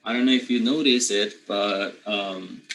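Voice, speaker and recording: A man from Panama with a Panamanian accent, a native Spanish speaker teaching English pronunciation, who often clears his throat and keeps checking in with his students. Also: on the low side, unhurried, fairly bright tone, a little hiss or hum, poor audio. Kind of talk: pronunciation lesson.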